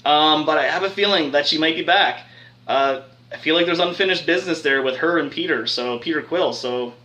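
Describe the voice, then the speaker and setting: A man's voice: on the high side, fairly quick, pushed and bright. A man giving a casual spoiler film review, rambling, swearing freely and getting worked up as he goes. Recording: echoey room.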